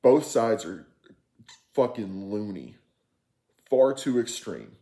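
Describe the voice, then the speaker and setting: A man with a low, gravelly voice tells a casual story straight to the camera. He sounds frustrated and candid, swears freely, and rambles with many fillers and false starts. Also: expressive, takes it slowly, mellow. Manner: rambling with frequent fillers and restarts. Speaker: vlogger recounting an experience.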